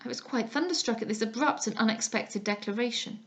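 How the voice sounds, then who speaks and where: Woman reading a classic novel aloud. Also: a little high. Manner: measured, expressive narration. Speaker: audiobook narrator.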